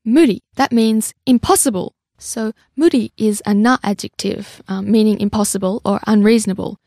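A woman's voice: medium pitch, moderate pace, darkish tone, no echo, studio quality. A woman hosting a language lesson podcast, chatty and explaining things. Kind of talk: casual lesson talk.

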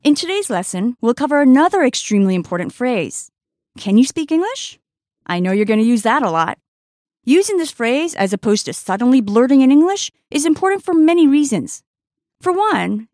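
Woman doing a language lesson, high voice that swoops around a lot, dry close sound, careful teacher talk. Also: a little mellow, dry recording. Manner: clear, careful teaching delivery, slowing to sound out words.

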